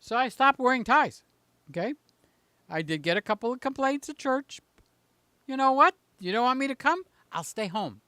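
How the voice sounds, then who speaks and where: Animated, high-pitched older man joking on a livestream. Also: moderate pace, smooth, no room sound. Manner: joking, teasing, swings between loud bursts and quiet asides. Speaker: live-stream host. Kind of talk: casual live-stream chat.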